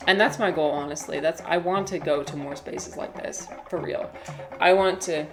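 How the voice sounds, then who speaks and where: A woman hosts a relaxed livestream with a slightly low voice, chatting as she reacts to footage. Her talk rambles and is loose with swearing. Clear music plays under her voice. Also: normal speed. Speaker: livestream host. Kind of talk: casual stream chat reacting to footage.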